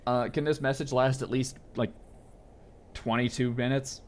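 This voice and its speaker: A man's voice: medium pitch, steady tone, moderate pace, slight background noise. A man casually commentating while he plays a video game, joking and reading on-screen text aloud. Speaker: gaming video host. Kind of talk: casual let's play commentary.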